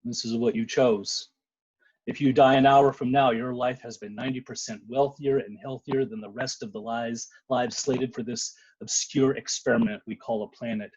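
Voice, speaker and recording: A man giving a dramatic spoken word poetry reading, with sudden loud outbursts. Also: mid-range voice, steady tone, moderate pace, breathy edge, no echo. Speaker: poet. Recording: muffled lo-fi sound.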